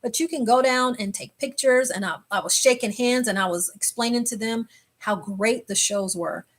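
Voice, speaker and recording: A woman with a slightly high voice hosts a casual travel live stream. She tells her story in an animated way, with exclamations, and acts out what people said. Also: moderate pace. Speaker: travel channel host.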